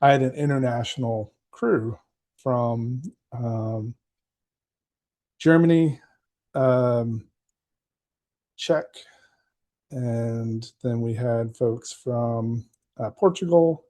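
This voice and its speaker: A man's voice: mid-range voice, drawn-out words, long pauses, mellow. A man in casual podcast conversation, rambling with many fillers and restarts as he talks about running games. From United States. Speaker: game master and guest.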